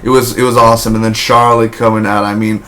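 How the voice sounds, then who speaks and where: A man's voice: little pitch movement, fast. Rambling young man reviewing wrestling. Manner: rambling, restarts often, bursts into loud high woo shouts. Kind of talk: casual spoken review.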